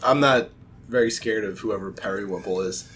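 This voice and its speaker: A man's voice: lowish voice, normal speed, a bit bright, a little hiss or hum. A man playing a tabletop game in casual chat, joking and teasing. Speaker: player.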